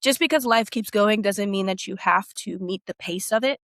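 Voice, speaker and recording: A woman's voice: mid-range voice, normal speed, a bit bright, dry recording. A woman in her thirties, a former teacher and coach, telling her story in a candid interview with emphatic, casual talk.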